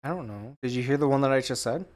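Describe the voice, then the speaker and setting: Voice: medium pitch, quick pace, darkish tone. A podcast co-host reading news headlines aloud in a casual, profane, joking chat. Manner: playful, profane, acts out scenes in funny voices.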